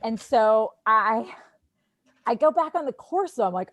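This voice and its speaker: Animated female guest in her thirties, chatty, dry close mic. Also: on the high side, a little slow, no echo. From Wisconsin. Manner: animated, lots of "like", quotes herself. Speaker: podcast guest, sports TV host. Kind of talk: casual storytelling.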